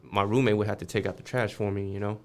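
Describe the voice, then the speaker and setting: Speaking fast in a lowish, steady voice with a somewhat dark tone, this podcast guest relays a street story offhandedly. He swears a lot and imitates the characters as he goes.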